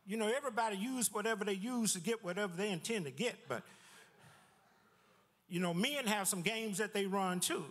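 High-voiced preaching man in a reverberant church. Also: fairly quick. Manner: lively preaching with repeated words and sudden drops in pitch. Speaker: pastor. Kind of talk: sermon. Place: church sanctuary.

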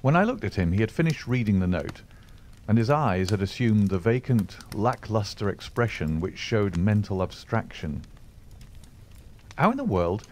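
A man narrating an audiobook in a measured, storytelling way. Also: lowish voice, animated, darkish tone, a little hiss or hum. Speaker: audiobook reader.

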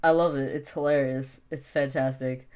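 A woman's voice: very deep voice, steady tone, moderate pace, darkish tone, smooth. A woman voice actor chatting casually between takes, swearing and laughing easily. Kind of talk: casual chat while recording a fan dub.

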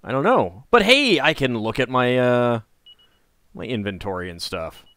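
A man hosting a game playthrough, joking casually and reading item text aloud with excited bursts. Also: mid-range voice, normal speed, dry recording. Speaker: let's play host.

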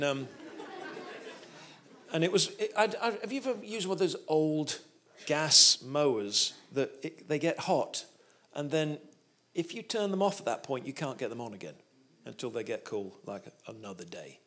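A man's voice: mid-range voice, lively intonation, normal speed, fairly bright tone. A man, a guest preacher telling a humorous story in a sermon.

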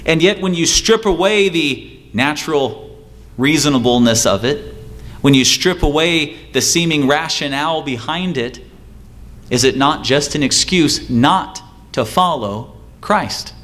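A pastor preaching a sermon, driving home points with repetition and rhetorical questions, sometimes mimicking excuse-makers. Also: male voice, lively intonation, fairly bright tone. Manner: acts out excuse-makers in a higher, quicker voice.

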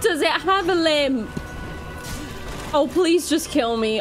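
A young woman giving casual let's play commentary, expressive and chatting to the game and her dog. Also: sits high, takes it slowly, pauses often, soft background music, rough recording. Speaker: gaming streamer.

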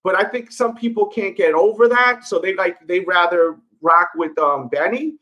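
A man's voice: high-pitched, normal speed, lo-fi sound. A man talking to camera in a casual, rambling solo commentary, candid and full of fillers. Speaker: sneaker YouTuber.

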